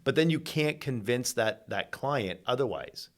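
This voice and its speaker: A man guest on a podcast talks in a casual, earnest way at an average pitch. He slips in dry jokes and often repeats a word or two while he works out his point. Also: expressive, a little slow. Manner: earnest, dry humor, repeats words when thinking. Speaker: mortgage agent, podcast guest. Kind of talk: casual chat.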